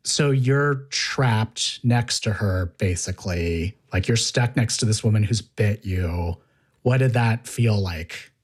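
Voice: medium pitch, takes it slowly, breathy edge. An interviewer asking curious follow-up questions and reacting with short interjections.

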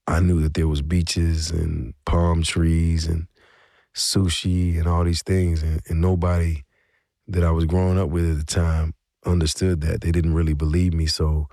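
A man's voice: extremely low pitch, no echo, studio quality. A middle-aged man, a guest telling stories in a casual interview with easy fillers. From South Georgia. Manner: relaxed storytelling with fillers. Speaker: guest, rapper.

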